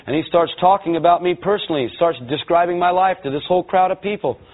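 A man's voice: sits high, fast talker. Man telling his testimony over a tinny line. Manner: lively storyteller who acts out voices and quotes. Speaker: guest speaker giving a personal testimony. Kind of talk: storytelling testimony before a church audience. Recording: tinny, narrow-band sound.

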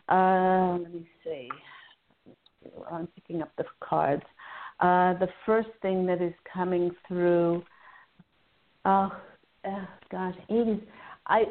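A woman hosting a call-in radio show, giving psychic readings in an effusive, filler-laden way. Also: fairly low pitch. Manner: warm, effusive, relays messages with many fillers. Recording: phone-like narrow audio.

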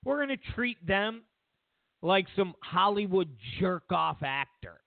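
A high, lively male voice rants in slow, drawn-out bursts of mockery, swinging his pitch wildly. The sound is dry and thin, like it comes down a phone line. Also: vocal fry, no room sound. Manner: sarcastic, mocking, acts out voices of others. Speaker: talk show host. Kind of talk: ranting political commentary.

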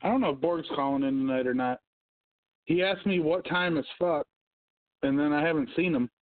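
Guy ranting and cussing on his podcast, kinda high voice, phone-line tinny sound. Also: a little fast. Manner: profane, ranting, hums to himself. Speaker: podcast host. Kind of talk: casual livestream rant.

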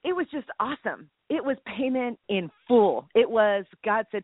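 Calling in to co-host a faith podcast, a woman jokes and rambles through casual conversation about faith. Her animated voice sits on the high side at normal speed, coming through a tinny phone line with no echo.

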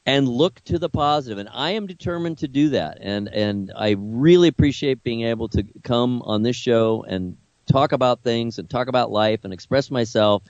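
An older man co-hosting a late-night radio talk show, earnest and reflective as he talks openly about his family. His voice sits at an ordinary pitch and comes through a little muffled, with a dry, close sound and no room around it. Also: moderate pace, few pauses, darkish tone, dry recording. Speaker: co-host.

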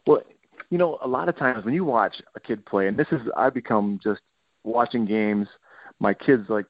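A man's voice: on the low side, moderate pace, no echo. A middle-aged man from Michigan, a football coach, giving a podcast interview and telling stories animatedly, acting out what players said. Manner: animated storytelling, acts out players' quotes. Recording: tinny phone-like line, dry.

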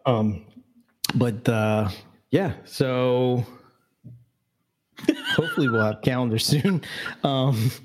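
A man hosts a relaxed podcast conversation, telling stories and teasing his co-host between laughs. His voice sits in a middle, everyday pitch. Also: takes it slowly, pauses often, background noise. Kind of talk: casual chat.

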